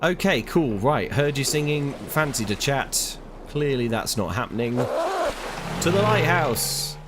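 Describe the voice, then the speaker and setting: A man's voice: mid-range voice, lively intonation, moderate pace, background noise. A young man giving casual gameplay commentary, thinking aloud and muttering in exasperation over puzzles. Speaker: let's play streamer.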